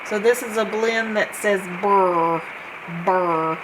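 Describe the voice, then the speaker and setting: Slow, patient woman teaching phonics. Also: medium pitch, background noise. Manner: slow, patient, sounds out letters one by one. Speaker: homeschool teacher. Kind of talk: phonics lesson.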